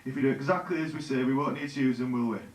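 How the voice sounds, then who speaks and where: A teenage boy playing a firm, steady policeman. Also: medium pitch, rapid-fire, natural voice. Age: teens. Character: firm policeman negotiating, male. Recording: echoey hall from far off.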